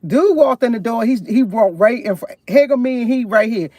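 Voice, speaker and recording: A woman's voice: fairly high pitch, fairly quick, no echo. Chatty woman rambling from her car. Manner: rambling, chatty, keeps addressing viewers as y'all; laughs often, animated when retelling. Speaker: livestreamer. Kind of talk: casual live-stream storytelling. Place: parked car.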